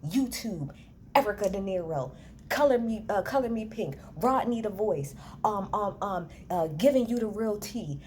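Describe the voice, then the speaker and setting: A woman recording a casual reality TV recap on a handheld phone, talking to her viewers in a blunt, animated rant full of profanity. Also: mid-range voice, moderate pace, a little hiss or hum. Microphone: handheld phone, no tripod.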